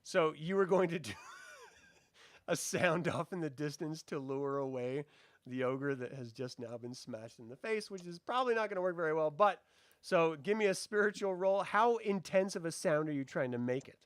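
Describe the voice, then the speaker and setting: A man's voice: on the high side, no room sound. Game master man, dry close voice. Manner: brisk, explains rules. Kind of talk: narrating a tabletop game.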